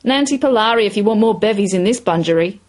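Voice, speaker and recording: A woman's voice: medium pitch, expressive, fast, a little mellow, close to an everyday voice. A woman reading a story aloud, voicing an unflappable young male pub manager who speaks in a dry, matter-of-fact way.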